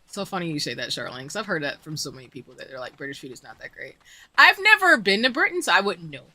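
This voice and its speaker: A woman's voice: lowish voice, sing-song, fast, bright, forceful tone, a little hiss or hum. A woman streaming a game, chatting casually and answering her chat in slangy, chatty talk. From United States.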